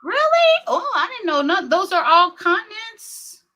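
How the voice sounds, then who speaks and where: A woman's voice: extremely high pitch, measured pace. A middle-aged woman, hosting a live stream in casual, exclamatory chat. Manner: lively, exclaims and laughs often.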